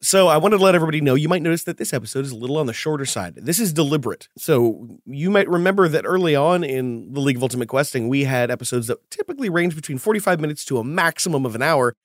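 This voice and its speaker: A man's voice: a little high, expressive, fast, hardly any pauses, dry recording, studio quality. A man running a tabletop game podcast, talking candidly and laughing often. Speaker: game master. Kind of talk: casual tabletop podcast chat.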